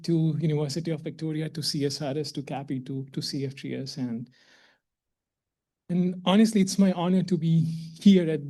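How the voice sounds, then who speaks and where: A man's voice: fairly high pitch, dark tone. A man giving a public lecture as a guest speaker in a lecture hall, effusive and emotional, often repeating words as he goes.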